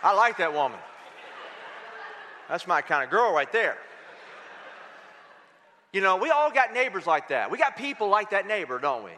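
A male pastor preaching an energetic, folksy sermon, often calling out for responses from his congregation. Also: high-pitched, normal speed, long pauses, big-room sound, a little hiss or hum.

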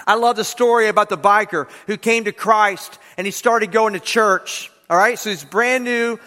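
High-voiced male pastor in echoing hall. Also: moderate pace, pushed and bright. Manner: calls the congregation to repeat lines. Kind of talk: sermon. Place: church sanctuary.

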